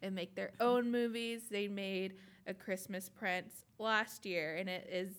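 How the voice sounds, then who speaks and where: A young woman co-hosting a casual chat podcast, animated, laughing often and swearing casually. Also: medium pitch, a little slow. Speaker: podcast co-host.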